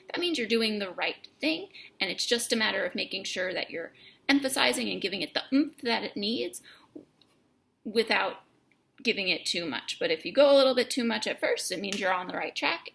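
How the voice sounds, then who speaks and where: Crisp-voiced woman teaching a music lesson. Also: medium pitch, animated, fairly quick, fairly bright tone, slight background noise. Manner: clear, encouraging explanation with emphatic key words. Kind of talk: instructional lesson.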